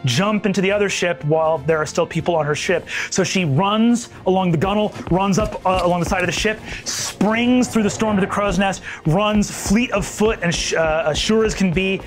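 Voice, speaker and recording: A man's voice: high-pitched, normal speed, hardly any pauses, soft background music. A man running a tabletop game as game master, narrating with many ums and uhs. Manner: hesitant, full of ums and uhs.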